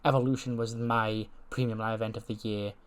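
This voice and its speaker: A man's voice: on the low side, little pitch movement, brisk, clear, resonant tone, close to an everyday voice. A man reading out the lines of a self-satisfied female general manager in a wrestling management game. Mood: smug.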